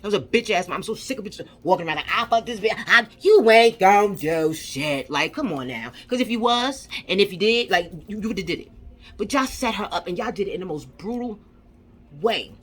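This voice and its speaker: A woman's voice: medium pitch, lively intonation, a little fast, fairly bright tone, slightly rough. A woman vlogger ranting angrily, swearing and firing off rhetorical questions with lots of repetition. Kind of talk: angry commentary rant.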